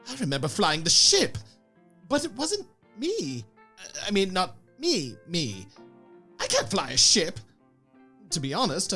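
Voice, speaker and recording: A man's voice: on the high side, bright, forceful tone, heavily acted. A man playing a fretful, snobbish toff. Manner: posh, fretful. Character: snobbish, anxious male crewman. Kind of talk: comedic audio drama.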